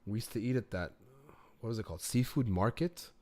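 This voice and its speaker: A man's voice: on the low side, a little fast, mellow. Chatty man hosting a stream from home. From United Arab Emirates. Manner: rambling and chatty, thinks aloud, often laughs. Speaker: live stream host. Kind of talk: casual live chat, answering comments.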